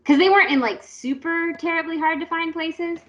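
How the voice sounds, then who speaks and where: A woman guest in a casual chat, excitedly reminiscing and laughing often. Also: very high-pitched, fairly quick. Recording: dull lo-fi sound.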